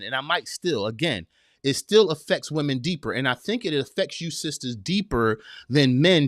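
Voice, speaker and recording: A man's voice: fairly high pitch, a bit bright, no room sound, clean studio sound. A man hosting a live advice podcast in a direct, preachy way, repeating phrases for emphasis. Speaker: podcast host. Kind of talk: live-streamed advice talk.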